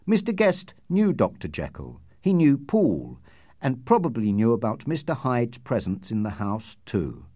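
Male narrator, measured storytelling, widely varying pitch, dry close sound. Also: darkish tone, dry recording. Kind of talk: audiobook narration.

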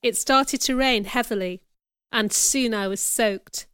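A woman narrates a classic story in the first person, steady and measured. Her voice sits a little high and is exceptionally smooth and resonant. It is recorded close and completely dry. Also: no room sound. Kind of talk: scripted audiobook narration.

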